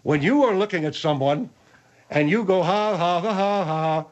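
A man's voice: high-pitched, lively intonation, a little mellow, muffled recording, voice pushed up. A man voicing a hot-tempered, blustering man called the General. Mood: angry. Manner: blustering, quick to anger.

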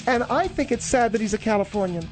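A man's voice: high voice, expressive, fast talker, faint music behind, pitched above the performer's own voice. Man doing a fussy know-it-all sidekick. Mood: pedantic. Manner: pedantic, fussy.

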